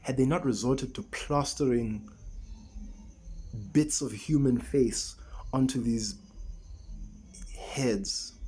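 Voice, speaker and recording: A man's voice: mid-range voice, darkish tone, a little hiss or hum. A man giving a casual, rambling film review, exasperated and full of restarts and rhetorical questions.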